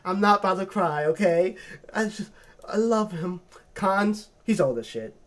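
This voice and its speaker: A man hosting a video, ranking characters in a lively, profane, joking rant. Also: high-pitched, a little slow. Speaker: video host. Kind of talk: casual ranking commentary.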